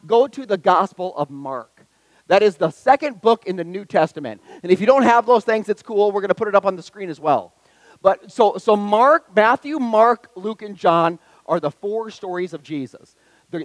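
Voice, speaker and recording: A male pastor preaching a sermon with lots of energy, moving between loud calls to the congregation and quiet, tender appeals. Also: high-pitched, no room sound, low-quality recording. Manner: energetic, swings from loud exhortation to hushed intimacy. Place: church sanctuary.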